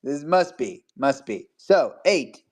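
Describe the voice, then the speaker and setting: A man's voice: a little high, big pitch swings, takes it slowly, a little mellow, slightly rough. Chatty young man hosting a livestream. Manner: chatty, laughs often, rambling storyteller. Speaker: livestream host. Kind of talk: casual livestream chat.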